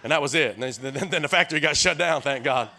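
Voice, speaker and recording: A gravelly, fairly high voice moves at a quick pace as this Tennessee-accented man in his sixties preaches a guest sermon. He hollers to the crowd in energetic call-and-response and tells homespun stories, frequently restarting his lines.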